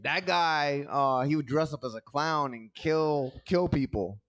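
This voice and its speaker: A man's voice: fairly high pitch, unhurried, a bit bright, dull audio. A man doing a stand-up comedy set on a club stage, telling loose, rambling stories full of crude jokes into a handheld mic.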